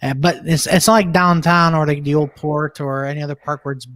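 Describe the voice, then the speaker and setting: Rambling man with a higher voice. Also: steady tone, fairly quick, a bit bright, dry recording. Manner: rambling, lots of fillers like "so" and "like". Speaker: co-host. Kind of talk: casual video call chat. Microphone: video call.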